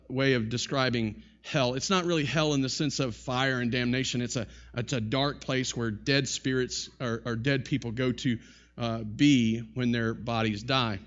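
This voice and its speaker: A man preaching a sermon in an animated style, his voice rising and falling sharply. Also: mid-range voice, lo-fi sound. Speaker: pastor.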